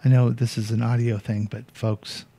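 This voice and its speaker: A man hosting a casual radio talk show, relaxed and introducing clips with quick asides. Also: medium pitch, vocal fry. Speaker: radio host.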